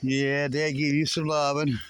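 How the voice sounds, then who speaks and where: A man's voice: fairly high pitch, little pitch movement, unhurried. A middle-aged man in a casual backyard vlog, chatty and easygoing, chuckling often and cooing to his rescue dogs. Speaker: garage owner showing his rescue dogs. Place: overgrown backyard with dog pens, outdoors. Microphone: camera on a swinging makeshift mount. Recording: noisy outdoor audio with dogs barking.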